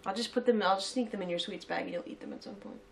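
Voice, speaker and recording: A woman chatting casually as co-host of a sweets-tasting video, talkative and quick to laugh. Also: medium pitch, creaky, a little hiss or hum. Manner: chatty and giggly, reads labels aloud. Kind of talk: casual chat.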